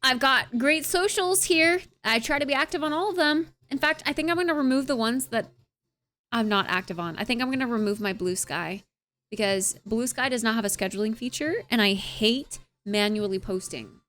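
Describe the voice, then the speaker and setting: A woman's voice: fairly high pitch, expressive, normal speed, a bit bright. A young woman streamer wrapping up her live stream in casual, rambling chat, with lots of filler sounds and playful asides. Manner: playful, tries out accents.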